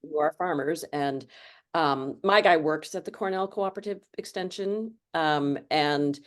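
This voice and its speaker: A middle-aged woman with a notably low voice, an author guest in an interview, talks casually and a little slowly. She rambles through her answers in a loose, chatty way, full of ums and restarts.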